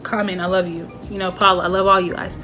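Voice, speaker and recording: A woman's voice: fairly low pitch, fast talker, faint music behind. Chatty young woman reviewing a movie. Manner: chatty and animated, with quoted dialogue. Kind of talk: casual movie review chat.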